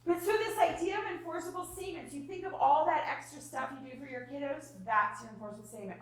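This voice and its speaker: Woman running a parenting workshop, kinda high voice, super echoey room, mic far off. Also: fast, few pauses. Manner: animated, acts out parent and child lines. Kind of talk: live workshop talk. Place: room with live audience. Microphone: distant room mic.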